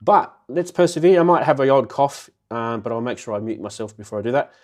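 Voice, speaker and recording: A man with a cold hosts a live stream, sounding nasal and a little muffled. He chats easily, greets viewers by name and laughs often, at an ordinary middle pitch. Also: expressive, brisk, darkish tone. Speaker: host of a live synth show. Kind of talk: casual live-stream chat.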